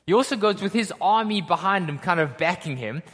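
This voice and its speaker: A man's voice: sits high, lively intonation, a little fast, fairly bright tone, breathy edge. A man preaching a sermon in a conversational way, often checking in with his listeners. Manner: conversational, checks in with "okay?" and "right?". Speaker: pastor. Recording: long hall reverb.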